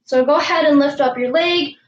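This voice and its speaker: A woman coaching young girls through an online warm-up and lesson, counting aloud in an upbeat way and calling herself by name in the third person. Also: high voice, a little fast, dull audio, slight background noise. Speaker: youth sports coach. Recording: echoey room.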